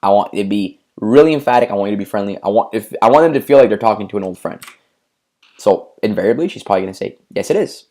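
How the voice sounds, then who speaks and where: A man's voice: on the low side, very fast, mellow. A man coaching business owners, speaking emphatically in repeated lists of instructions, with frequent stammered restarts. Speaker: marketing coach for martial arts schools. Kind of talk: instructional talk to school owners.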